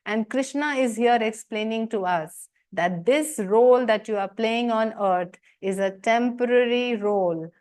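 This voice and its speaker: A woman's voice: on the high side, a little slow, hardly any pauses, a little mellow. Earnest woman. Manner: earnest, rhetorical questions, emphatic repetition. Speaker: spiritual teacher. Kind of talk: scripture commentary talk.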